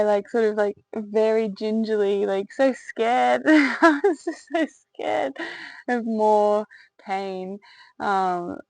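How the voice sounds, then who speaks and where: A woman's voice: medium pitch, vocal fry, a little mellow, dry recording, poor audio. A woman telling her own birth story in a candid, rambling way, with lots of fillers, laughter and swearing. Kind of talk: casual personal storytelling to camera.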